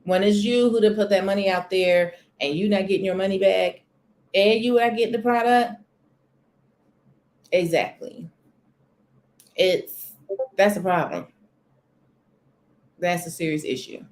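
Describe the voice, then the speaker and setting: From a corner of her home beside a sunny window, a woman hosts a casual live stream, chatting expressively about celebrity news and greeting viewers in the chat by name. She has a medium-pitched, darkish voice, a measured pace, and long pauses.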